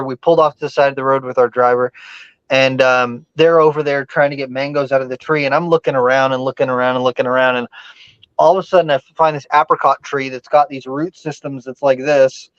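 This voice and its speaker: Animated storytelling man, dry dull sound. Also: mid-range voice, brisk, clear, resonant tone, no room sound. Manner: animated, swears freely, lots of "like" fillers. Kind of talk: casual podcast storytelling.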